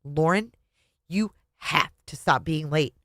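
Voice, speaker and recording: A woman reading aloud the lines of an angry young husband who scolds and yells, in a dry, close sound. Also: low voice, slow pace, no room sound. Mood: stern. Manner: loud scolding repetition. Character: angry young adult male husband yelling.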